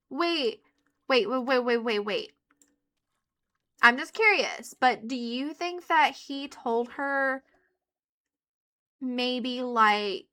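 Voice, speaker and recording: A young woman gives a chatty let's play commentary, addressing viewers as she plays a life-sim game. Her voice is bright and fairly high, and her pitch leaps around as she reacts. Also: takes it slowly, long pauses. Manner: chatty, excitable, talks to viewers. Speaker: gaming YouTuber.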